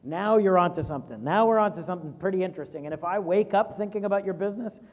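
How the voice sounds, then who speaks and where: A man's voice: high voice, racing, darkish tone, big-room sound. A man in his forties, a venture capitalist giving casual advice in a fireside chat and acting out quoted voices.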